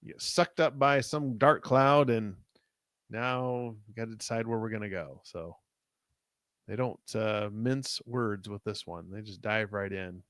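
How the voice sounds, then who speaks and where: A man co-hosting a live podcast, reading a gamebook aloud in a relaxed way and talking to the chat. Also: on the low side, a little slow, no echo, clean studio sound. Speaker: podcast co-host. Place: live online show.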